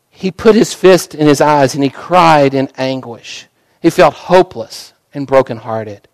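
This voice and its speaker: A male preacher tells a story from the pulpit, swinging dramatically between fervent, rising bursts and quiet, hushed appeals. His voice sits fairly high for a man, and the sound is dry and close, with no room echo. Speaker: pastor. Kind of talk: sermon with storytelling.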